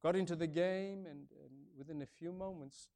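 A man over fifty from Africa preaching a sermon, booming on key points, then dropping low and soft, and repeating his phrases. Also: normal speed. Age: older, over fifty. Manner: swings between booming emphasis and hushed softness, repeats key phrases.

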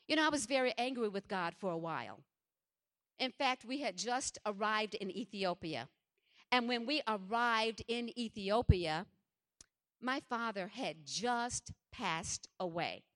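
A middle-aged woman preaching a sermon, impassioned and repetitive, swinging from hushed to loud. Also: mid-range voice, expressive, slow.

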